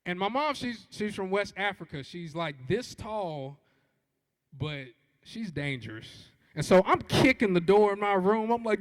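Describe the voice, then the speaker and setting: Animated keynote speaker in a big hall. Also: male voice, sits high, a little slow. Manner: animated, acts out quoted voices. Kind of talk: comedic storytelling keynote. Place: large auditorium stage. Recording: long reverb of a big auditorium.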